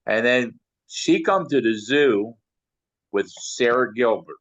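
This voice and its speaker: A man's voice: mid-range voice, lively intonation, slow, fairly bright tone, dry recording, dull audio. An older man from Maryland, an interview guest telling long rambling stories packed with "you know" fillers. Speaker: interview guest, sound engineer. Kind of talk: casual storytelling.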